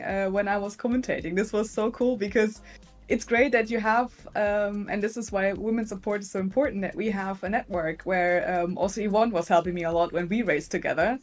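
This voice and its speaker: A woman's voice: mid-range voice, fairly even intonation, brisk, faint music behind. A woman from Germany with a German accent, a podcast guest who is also a racing driver and commentator, chatting in an upbeat way. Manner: upbeat and chatty, laughs often. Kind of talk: casual podcast interview.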